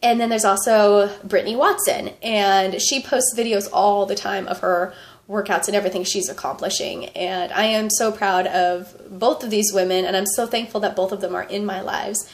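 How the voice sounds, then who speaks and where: A woman's voice: medium pitch, steady tone, normal speed. A woman vlogger with a fever, chatting casually and rambling, with frequent laughter. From United States. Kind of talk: casual vlog chat.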